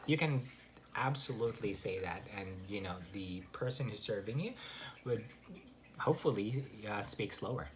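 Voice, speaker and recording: A man giving a casual spoken English lesson, relaxed and full of fillers and restarts. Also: fairly low pitch, moderate pace, slight background noise. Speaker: English teacher. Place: Canada.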